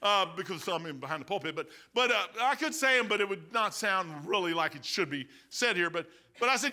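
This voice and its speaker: Male pastor preaching from the pulpit, animated and folksy, high piercing voice. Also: fast, hardly any pauses. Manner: animated, colloquial storytelling. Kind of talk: sermon. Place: church, behind the pulpit.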